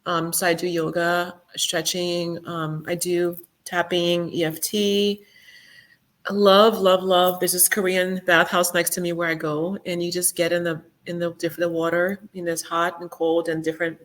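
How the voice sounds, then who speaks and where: Low-voiced reflective middle-aged woman. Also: little pitch movement, normal speed. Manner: reflective, soft-spoken, uses many fillers. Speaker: podcast guest. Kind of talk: casual interview chat.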